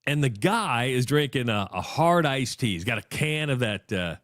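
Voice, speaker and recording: Clean studio audio with no room sound captures a man at normal speed co-hosting casual sports radio. He's a lively storyteller who performs others' quotes with big swings in pitch.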